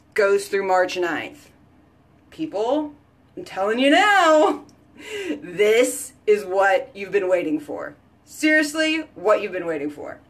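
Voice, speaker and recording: Gushing woman selling beauty products. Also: medium pitch. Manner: gushing, repeats phrases for emphasis; breathless excitement, exclamations. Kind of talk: excited sales chat to viewers.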